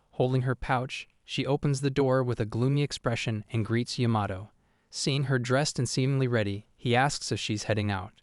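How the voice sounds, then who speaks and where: A man giving a steady, scripted story narration as the channel's narrator. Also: mid-range voice, dry recording, studio quality.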